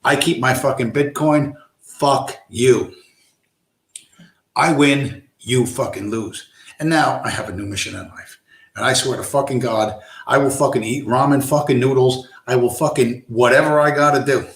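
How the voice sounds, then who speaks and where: A man's voice: mid-range voice, normal speed, creaky, roomy sound. A man hosting a livestream, ranting in a heated, profane, blunt monologue. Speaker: livestream host.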